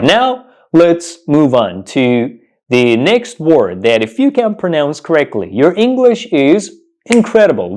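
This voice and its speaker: A man teaching English pronunciation, repeating each word slowly and putting questions to his viewers. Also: medium pitch, a little mellow. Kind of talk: slow, deliberate pronunciation lesson.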